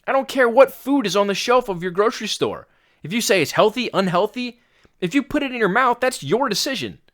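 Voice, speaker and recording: A man's voice: sits high, expressive, brisk, a bit bright. A man hosting a fitness podcast, giving a blunt, exasperated rant that includes some swearing. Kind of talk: ranting podcast monologue.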